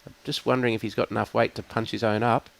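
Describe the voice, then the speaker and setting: A man commentating live lawn bowls, calling each shot in a measured way and weighing up the players' options. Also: fairly low pitch, level tone, creaky, low-quality recording. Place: bowls club.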